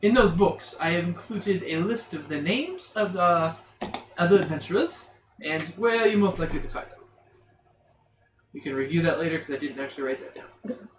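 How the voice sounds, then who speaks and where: Chuckling game master in an echoey room. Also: male voice, a little high, expressive, moderate pace, a little hiss or hum. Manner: rambling, self-correcting, chuckling. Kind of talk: running a tabletop game on stream. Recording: roomy echo.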